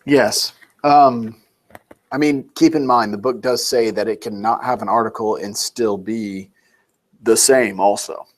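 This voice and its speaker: A man's voice: fairly low pitch, steady tone, a little slow. A man tutoring a student one-on-one, explaining points patiently and with emphasis. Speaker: Greek tutor.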